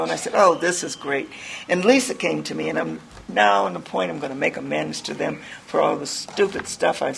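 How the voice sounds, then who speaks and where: A woman's voice: low voice, creaky, slight background noise, rough recording. An older woman giving a candid, rambling personal testimony to a group, mocking herself as she tells it. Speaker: recovery speaker.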